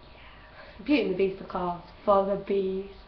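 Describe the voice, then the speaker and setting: A young woman vlogger chats casually in a mid-range, level voice, unhurried, gushing and laughing often. The home recording is roomy, distant and dull, with a little hiss or hum.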